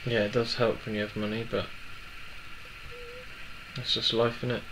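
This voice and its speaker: A young man in his twenties telling a personal story in a halting, emotional way with many restarts. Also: medium pitch, flat delivery, background noise. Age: 20s. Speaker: vlogger.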